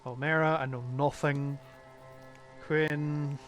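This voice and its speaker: A man's voice: a little high, little pitch movement, takes it slowly, a bit bright, soft background music. A man streaming a detective game, casually thinking aloud and muttering through clues. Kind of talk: casual live-stream commentary.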